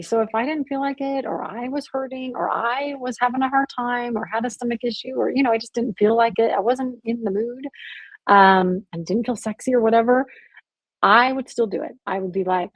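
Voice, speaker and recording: Gravelly, husky woman telling her story. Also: on the high side, moderate pace, no room sound. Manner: earnest, animated storytelling with frequent "like". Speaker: podcast guest, abuse survivor. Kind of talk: candid faith podcast conversation.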